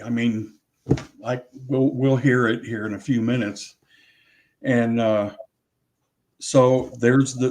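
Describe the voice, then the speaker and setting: Male interview guest, unhurried delivery, mid pitch, rambling with frequent self-corrections. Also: a little mellow. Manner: rambling, restarts and corrects himself. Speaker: audio researcher, interview guest. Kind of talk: casual interview talk.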